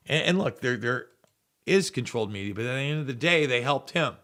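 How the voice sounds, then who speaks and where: A man hosting a talk show, his voice bright and forceful. He rambles and restarts, with dry sarcastic asides. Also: mid-range voice, animated, a little fast. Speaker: host. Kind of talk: casual political commentary show.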